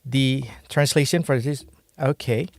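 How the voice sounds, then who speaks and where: This young language teacher, a native Indonesian speaker with an Indonesian accent, gives a casual lesson in a mid-range, steady, gravelly and slightly mellow voice. He talks a little slowly, thinking aloud and hesitating as he looks for his words.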